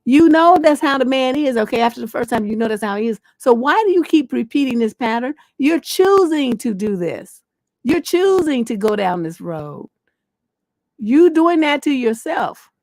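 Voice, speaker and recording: A woman's voice: on the high side, animated, normal speed, a little mellow, no room sound. A woman hosting a live relationship advice show, answering letters in a blunt, scolding, profane manner. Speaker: relationship coach and livestream host.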